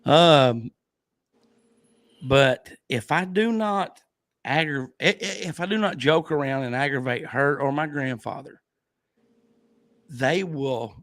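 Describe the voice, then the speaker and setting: A man's voice: fairly high pitch, slow pace, pauses often, fairly bright tone, dry recording. A man hosting a casual livestream chat, telling rambling stories and laughing often. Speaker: podcast host.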